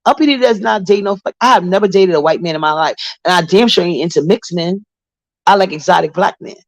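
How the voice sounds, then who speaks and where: A woman's voice: on the low side, fast, no echo. A woman from Brooklyn, hosting a casual livestream. She tells gossip bluntly, swears, and greets viewers by name from her apartment. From Brooklyn, New York. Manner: blunt, profane, gossipy storytelling. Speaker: livestream host. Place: home apartment.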